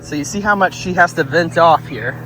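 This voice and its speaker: A man with a high-pitched voice, talking casually as a dog trainer out on a walk. He explains his methods in a relaxed way and praises the dog often. The air outdoors carries a faint background noise. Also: a little fast.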